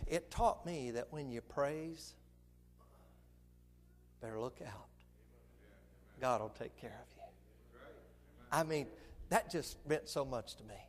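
A middle-aged man preaching, telling a lively story with comic put-on voices. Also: mid-range voice, in a large hall. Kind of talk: sermon story.

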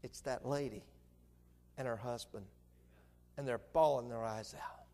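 A man's voice: mid-range voice, animated, moderate pace, pauses often, darkish tone, in a large hall. A man preaching a sermon, telling folksy stories with stammered restarts.

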